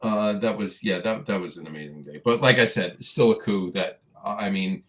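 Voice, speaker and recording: A man's voice: sits low, normal speed, a bit bright. A man co-hosting a podcast, chatting casually and reading out listener comments. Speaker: podcast co-host.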